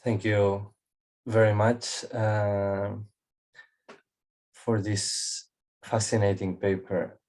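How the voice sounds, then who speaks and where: Low-voiced man discussing a paper. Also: flat delivery, drawn-out words, long pauses, darkish tone. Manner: conversational, with personal asides. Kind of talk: academic conference discussion.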